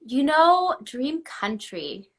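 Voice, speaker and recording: A woman's voice: high voice, big pitch swings, extremely slow. A woman in her thirties chatting casually on a phone live stream, laughing easily and filling her talk with "like". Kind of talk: casual chat.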